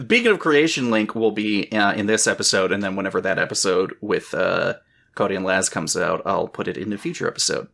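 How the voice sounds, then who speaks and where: Bright-voiced, excitable podcast co-host man. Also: on the low side, brisk, vocal fry. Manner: excitable, swears freely, lots of "um". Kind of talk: casual chat.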